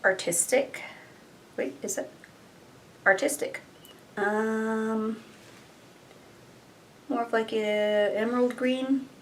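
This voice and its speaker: A woman's voice: fairly high pitch, fairly even intonation, takes it slowly, long pauses, far from the mic, slight background noise, rough recording. A young woman chatting casually through a makeup tutorial, thinking aloud and trailing off. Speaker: beauty vlogger.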